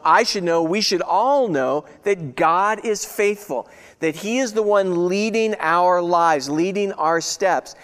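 A man's voice: sits high, big-room sound. A man preaching a conversational sermon, asking his listeners rhetorical questions. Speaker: pastor.

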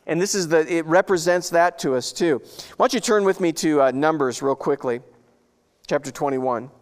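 A man's voice: fairly high pitch, moderate pace, long reverb tail. A man preaching a sermon as pastor, reading scripture and breaking into folksy, chatty asides.

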